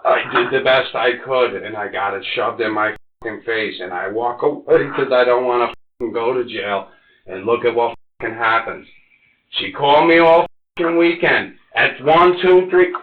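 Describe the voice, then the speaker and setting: A man in his forties under police interrogation, ranting and cursing, swinging between loud outbursts and low mutters. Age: 40s. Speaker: interrogation suspect. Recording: echoey, muffled interrogation room recording.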